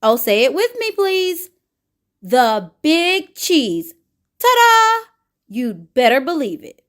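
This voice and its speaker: A woman's voice: high-pitched, big pitch swings. A woman doing a pompous bragging cheese. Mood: boastful. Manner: pompous, showy, drawn-out bragging. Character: boastful showbiz cheese craving attention. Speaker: children's book reader. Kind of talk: picture book read-aloud.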